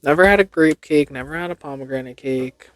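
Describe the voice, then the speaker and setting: A woman's voice: low voice, brisk, no room sound, clean studio sound. A young woman hosting a casual solo podcast, reading tongue twisters aloud and laughing at her own stumbles. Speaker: podcast host.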